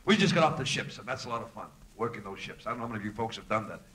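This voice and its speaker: A man's voice: fairly low pitch, expressive, a bit bright. A man doing a stand-up comedy set on a club stage, rattling off jokes and acting out the voices in his stories. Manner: brisk joke-telling, acts out voices in stories.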